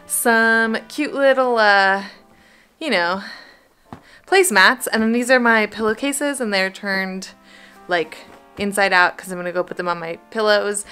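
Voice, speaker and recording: A woman's voice: mid-range voice, pushed and bright, clean tone. A young woman sewing vlogger chatting casually at home, rambling with fillers and little laughs. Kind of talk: casual vlog.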